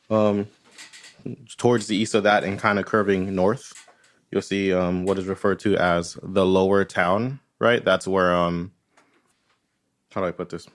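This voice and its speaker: A man running a tabletop game as game master, rambling casually and tagging his points with "right?". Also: sits low. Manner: rambling, tags lines with "right?".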